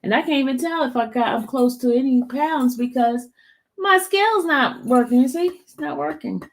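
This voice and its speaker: A woman's voice: sits high, moderate pace, rough recording. A woman vlogger chatting casually to her viewers, rambling and answering comments from live chat.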